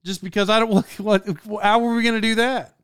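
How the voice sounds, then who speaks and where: A man's voice: high-pitched, fairly even intonation, brisk, a bit bright, clear, resonant tone, dry recording, studio quality. A man hosting a podcast, telling comic stories in an exasperated, rambling way that keeps interrupting itself. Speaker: podcast host. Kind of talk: comedic storytelling monologue.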